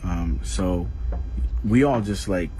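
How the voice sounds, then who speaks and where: A man with a low, dark voice telling about an eerie encounter. He rambles hesitantly, stopping often on fillers as he searches for his words. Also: slow pace, slight background noise.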